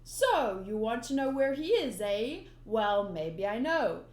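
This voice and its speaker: A woman reading the lines of a sly, boastful male pirate clown captain, drawing out her taunts in a slightly high voice. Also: big pitch swings, darkish tone. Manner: taunting, teasing, drawn-out lines. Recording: roomy echo.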